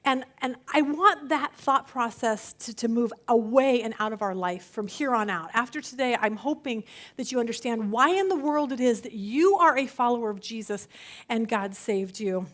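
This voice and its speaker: A middle-aged woman teaching a women's Bible study, earnest and lively, often repeating words and joking with the group. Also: on the high side, normal speed.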